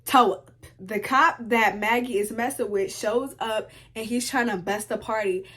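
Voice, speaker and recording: A young woman recapping a TV show in casual commentary, sassy and animated, talking back to the characters. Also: a little high, measured pace, breathy edge. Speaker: video essay host.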